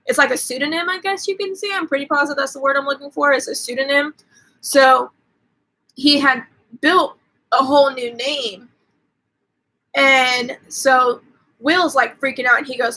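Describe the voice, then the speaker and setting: A woman with a bright, somewhat high voice hosts a casual live stream. She retells a movie scene by scene, piling on fillers like "like" and "um" and acting out characters' lines in quotes. Her talk is loose and offhand, with casual swearing. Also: low-quality recording. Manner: rambling storytelling with many fillers and quoted dialogue. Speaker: host.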